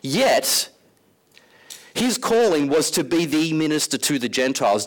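A man preaching a casual sermon in an animated, conversational way, acting out scenes with voices. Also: a little high.

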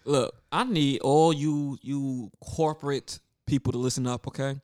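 A man co-hosting a podcast, chiming in quietly in casual chat with short questions. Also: medium pitch, fairly even intonation, unhurried, dry recording, clean studio sound. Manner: quiet, brief interjections and questions. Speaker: podcast co-host.

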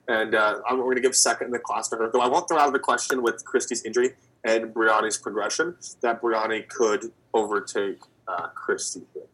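Twenties male co-host, bright tone, eager and rambling. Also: on the low side, steady tone, brisk, breathy edge, low-quality recording. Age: 20s. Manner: enthusiastic, rambling with fillers. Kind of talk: casual sports chat.

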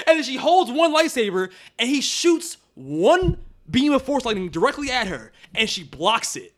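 Young man, high animated voice, sarcastic and profane, riffing on movies with a friend. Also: measured pace, few pauses. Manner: animated, sarcastic, swears often, acts out quotes. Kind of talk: casual movie discussion.

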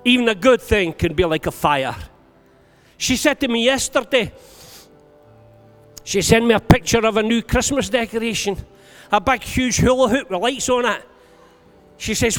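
A man preaching in a sermon, his voice pitched very high for a man. He tells his stories to the congregation and then lifts into shouted calls to praise. A long hall reverb and faint music sit behind him. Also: normal speed, long pauses. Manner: storytelling, rising to shouted exhortation.

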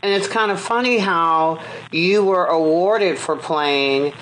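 A man's voice: a little high, slow, a bit bright, slight background noise, rough recording. A man hosting an interview, asking questions hesitantly with many fillers. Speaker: interview host. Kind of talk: interview chat.

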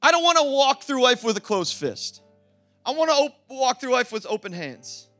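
A pastor delivers a sermon, playful and laughing one moment and fervent the next. His voice is high for a man, with a bright, forceful tone. Soft music sits faintly under his preaching. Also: sing-song, normal speed.

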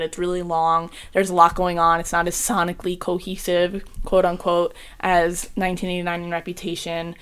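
A woman's voice: fairly low pitch, a bit bright, clean tone. Emotional young woman gushing about music. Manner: gushing, emotional, says "like" and "um" a lot. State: choked up, near tears. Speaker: podcast co-host. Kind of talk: casual podcast chat.

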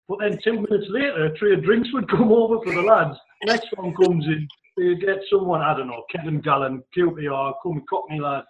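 A man telling animated anecdotes about former teammates in casual podcast chat. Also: high voice, fairly quick, slight background noise. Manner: animated storyteller, mimics others in quotes. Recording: tinny phone-like remote line.

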